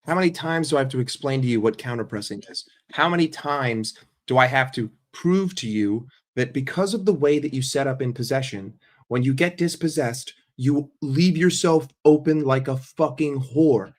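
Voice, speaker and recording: A man's voice: mid-range voice, normal speed. A man hosting a casual football livestream. He reads the chat aloud and answers with blunt, sarcastic, heavily profane opinions. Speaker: football fan streamer reading chat.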